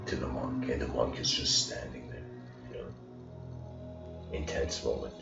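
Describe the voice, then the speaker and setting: A man giving a casual storytelling lecture, rambling and acting out the quoted lines with rising intensity. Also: unhurried. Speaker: spiritual lecturer. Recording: roomy, dull lo-fi recording with faint music.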